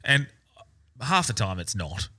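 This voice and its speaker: A podcast host chatting casually, rambling with frequent restarts and casual swearing. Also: male voice, on the low side, sing-song, measured pace, pushed and bright, husky. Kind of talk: casual chat.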